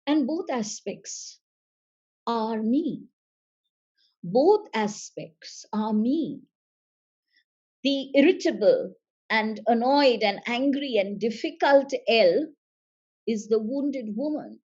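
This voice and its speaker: A woman speaking as a seminar facilitator, in a measured, emphatic way that repeats phrases for weight. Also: on the high side, animated, darkish tone, slightly rough, dull audio. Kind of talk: slow motivational seminar talk.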